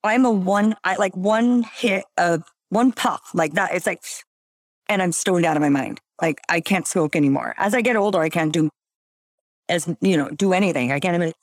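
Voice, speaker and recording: A woman's voice: fairly low pitch, moderate pace, no echo, clean studio sound. Chatty woman host who laughs often. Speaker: podcast host. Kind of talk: casual chat.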